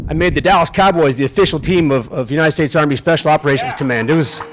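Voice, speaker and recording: Middle-aged male general, outdoor ceremony speech, slightly higher voice, halting and folksy. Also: over music. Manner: folksy, self-deprecating, halting with restarts. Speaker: general officer speaking at a ceremony. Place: outdoors on a field.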